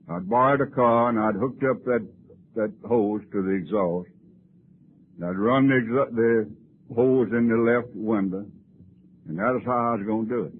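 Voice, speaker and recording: A man telling his personal story at a recovery meeting in a folksy, wry, self-mocking way. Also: fairly low pitch. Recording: muffled lo-fi old tape, faint hiss.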